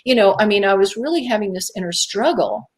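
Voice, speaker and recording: A woman guest telling a personal story on a talk show, emphatic and vivid, with dramatic pauses and acted-out inner voices. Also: mid-range voice, animated. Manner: vivid storyteller who acts out her own inner voices.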